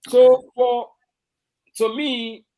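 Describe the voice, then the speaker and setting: A man's voice: very high-pitched, little pitch movement, drawn-out words, warm tone. Emphatic Sierra Leonean Krio-accented man. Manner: emphatic, repetitive, restarts phrases. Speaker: political party commentator. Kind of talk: online political talk show discussion.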